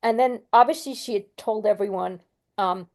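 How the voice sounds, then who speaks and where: A woman from Australia, a guest actress chatting in an interview and telling stories with animated energy. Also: mid-range voice, normal speed. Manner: animated storyteller. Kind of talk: casual interview chat.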